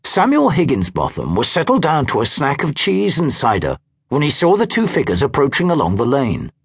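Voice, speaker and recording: Husky, lively male audiobook narrator. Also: mid-range voice, moderate pace.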